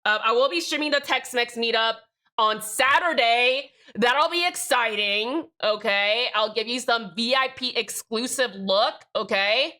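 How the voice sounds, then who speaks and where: A woman's voice: on the high side, a little slow, sharp tone. A young woman streaming live, chatting casually with viewers, bubbly, swearing freely and reading chat aloud.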